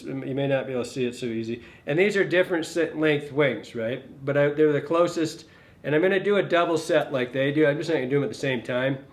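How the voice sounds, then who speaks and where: Chatty middle-aged man with a raised pitch. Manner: rambling, self-correcting, folksy. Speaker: fly-tying instructor. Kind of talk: casual hands-on demonstration.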